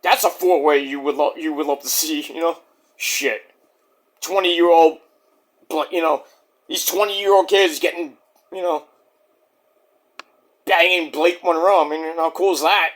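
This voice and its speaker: A man in his forties giving a casual, rambling, profane review, now and then mimicking others in quick put-on voices. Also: on the high side, fairly even intonation, fairly bright tone. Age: 40s. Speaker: wrestling show reviewer.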